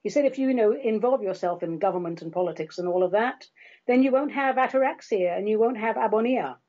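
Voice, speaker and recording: A woman's voice: medium pitch, quick pace, highs cut off. Wry woman hosting a podcast. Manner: wry, self-mocking humor with playful asides. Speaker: podcast host. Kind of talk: chatty solo podcast monologue.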